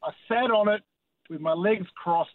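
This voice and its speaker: A man's voice: high voice, moderate pace, a little hiss or hum. A man calling in to a radio show, enthusiastic and jokey, heard over a tinny phone line. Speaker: caller. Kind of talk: phone-in call.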